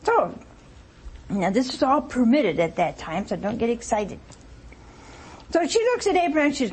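A woman delivers a sermon, her voice sitting a little high. She retells scripture with animated, conversational asides, questioning her listeners directly. A faint background hum runs under her voice. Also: moderate pace, long pauses. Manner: animated storytelling, rhetorical asides to the congregation. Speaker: preacher.

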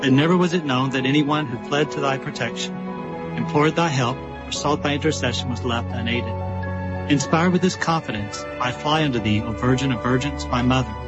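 Male prayer reader, solemn pacing, loud new-age music under. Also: medium pitch. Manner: slow, solemn recitation. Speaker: prayer leader. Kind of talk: recited prayer.

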